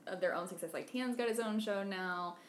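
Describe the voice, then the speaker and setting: A woman's voice: medium pitch, brisk, echoey room. A woman hosting a podcast in casual chat, gushing and acting out the people she quotes. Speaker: podcast host.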